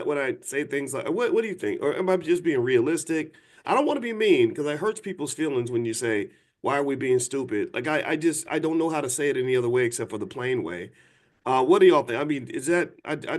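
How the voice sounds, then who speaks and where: A man in his fifties talks straight to his viewers in a blunt, preaching way. His voice sits at an ordinary middle pitch. He hammers points home with repeats and restarts. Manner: emphatic and direct, repeats and restarts, asks viewers for replies. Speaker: financial educator addressing viewers. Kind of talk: blunt preachy talk to a live audience.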